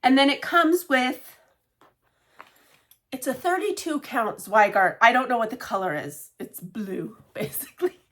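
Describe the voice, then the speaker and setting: A woman's voice: fairly high pitch, expressive, measured pace, a bit bright. A woman casually chatting about her cross-stitch projects, rambling with many fillers and side remarks. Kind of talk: casual show-and-tell chat.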